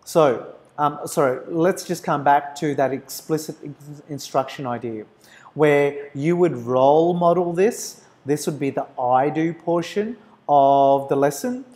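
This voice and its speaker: Slow-talking male lecturer. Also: on the high side, dark tone. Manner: explains step by step, chants rhythm syllables. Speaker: university lecturer. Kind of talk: recorded lecture.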